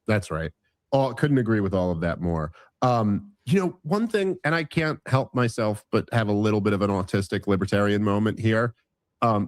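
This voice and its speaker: A man's voice: on the low side, darkish tone, no echo. A man ranting in casual political chat, swearing and restarting his sentences often. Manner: ranting, profane, rambling with many restarts.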